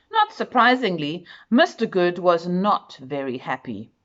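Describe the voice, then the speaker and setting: A woman reading a children's picture book aloud, expressive and speaking directly to the listener. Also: lowish voice, slow, highs cut off. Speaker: storyteller.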